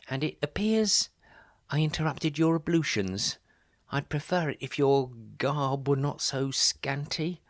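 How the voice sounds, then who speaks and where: A man's voice: mid-range voice, a bit bright, no echo, studio quality. A man playing a flustered older vicar. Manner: theatrical, exclamatory, wry and sarcastic. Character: older male vicar, harried, fundraising door to door. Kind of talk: comic verse monologue.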